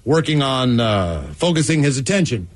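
Lively, laughing radio host man. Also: medium pitch, normal speed, a little hiss or hum. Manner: laughs often, mimics listeners' voices. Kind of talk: reading listener emails on air.

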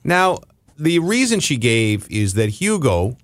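A man's voice: medium pitch, big pitch swings, takes it slowly, dry recording. A man co-hosting a podcast, telling a rambling, mock-indignant story in casual chat with frequent chuckles. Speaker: podcast co-host.

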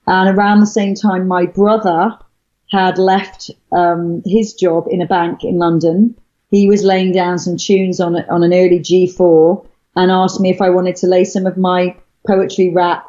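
Speaking fairly low with a dark tone, this middle-aged woman from Wales is a guest recounting her story conversationally. Her telling wanders, packed with fillers and false starts, over dull lo-fi audio.

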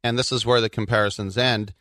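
A man from the Bay Area co-hosts a casual soccer chat, his voice bright and forward. He tells animated stories and laughs often. The sound is dry and close. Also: on the low side, a little fast, dry recording. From Bay Area, California. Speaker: soccer podcast co-host.

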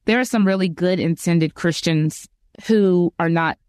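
A woman's voice: fairly low pitch, measured pace, a little mellow, no echo, studio quality. A woman who works as a marriage coach, a guest on a podcast, speaking earnestly and in a teaching way. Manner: earnest, instructive, quotes others. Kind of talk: casual Christian podcast interview.

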